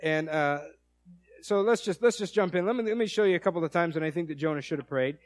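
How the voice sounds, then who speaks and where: A man preaching a sermon in a conversational, animated storytelling way, acting out quotes. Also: a little high, fast, dry recording.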